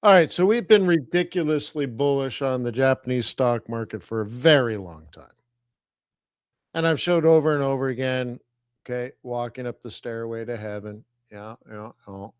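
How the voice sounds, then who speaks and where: A middle-aged man hosting a live trading stream, talking to viewers in an energetic, teasing way as he walks them through charts. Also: mid-range voice, moderate pace, clean tone, dry recording, studio quality. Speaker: forex trading host.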